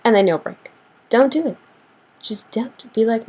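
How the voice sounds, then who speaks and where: A young woman ranting casually to the camera in a sassy, animated way, acting out what people say with big jumps in pitch. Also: unhurried, pauses often, husky, poor audio. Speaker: vlogger.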